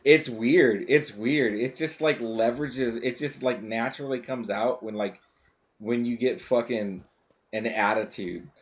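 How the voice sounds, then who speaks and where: A man's voice: mid-range voice, measured pace. Rambling, swearing male game streamer. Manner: rambling and swearing, with many fillers and restarts. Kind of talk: casual chat while gaming.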